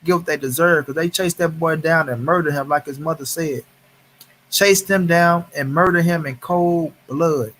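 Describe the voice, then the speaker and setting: A man's voice: on the high side, moderate pace, fairly bright tone, a little hiss or hum. Heated, profane man venting on a livestream. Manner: heated, profane, repeats phrases for emphasis; greets viewers in chat by name. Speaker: livestream host. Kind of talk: angry casual livestream commentary.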